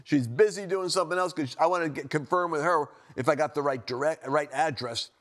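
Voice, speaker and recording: A man preaching a sermon-style teaching from a studio, animated, swinging between loud emphatic lines and low quiet ones. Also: a little fast.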